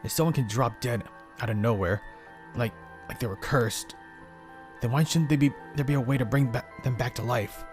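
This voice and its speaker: Guy reading out a scared young man in a game, stammery and panicky, middle pitch, faint music behind. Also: moderate pace, a little mellow, natural voice. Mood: shaken, somber. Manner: stammering, panicky self-talk. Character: frightened young male protagonist, frantic and shaken. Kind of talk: reading game dialogue aloud.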